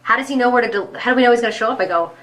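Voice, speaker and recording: Woman, bright tone, lively storytelling, voices the people in her story. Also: a little high, rapid-fire, poor audio. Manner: animated anecdote, acting out quotes. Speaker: club co-owner's sister. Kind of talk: storytelling in an interview.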